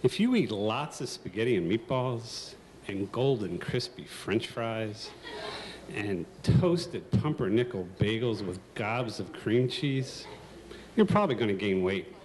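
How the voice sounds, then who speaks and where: A man's voice: fairly low pitch, measured pace, a little hiss or hum. Guy in his sixties telling a funny story on stage, voice bouncing all over. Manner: comic, lively, self-mocking. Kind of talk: live storytelling. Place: stage at a live storytelling event.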